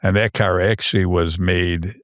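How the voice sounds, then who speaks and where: A man with a very low, deep voice tells meandering stories as a podcast guest. He restarts often and fills the gaps with "uh" and "you know". The studio sound is dry and close. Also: steady tone, moderate pace, a bit bright, dry recording. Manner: rambling storyteller, many restarts and fillers. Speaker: author guest. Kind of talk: casual podcast chat.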